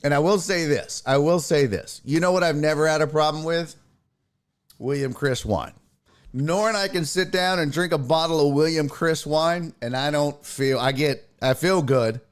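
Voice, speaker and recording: A man running a live stream podcast chats casually and profanely, greeting viewers by name and reading the live chat aloud. His voice is a bit high and moderately paced, with a clear, resonant tone.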